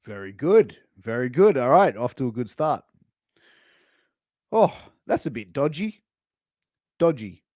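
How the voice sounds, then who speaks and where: A man's voice: medium pitch, sing-song, measured pace, long pauses, darkish tone, no echo, studio quality. A man with an Australian accent hosting a casual podcast interview, joking and laughing as he quizzes his guest. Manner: jokey, laughs often, slips into put-on slang voices. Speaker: podcast host.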